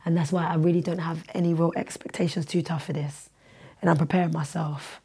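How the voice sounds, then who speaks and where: A hoarse young woman, a teacher and singer who is losing her voice, chatting as a podcast guest and telling stories with animated energy. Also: deep voice, a little fast. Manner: animated storyteller, shouts when quoting herself. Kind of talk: casual podcast chat.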